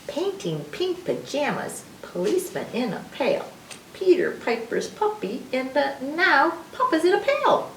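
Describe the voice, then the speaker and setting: A woman librarian reading alphabet rhymes to young children in a slow, sing-song way, sounding out each letter, recorded from a distance in an echoey room. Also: high-pitched, very animated, slight background noise.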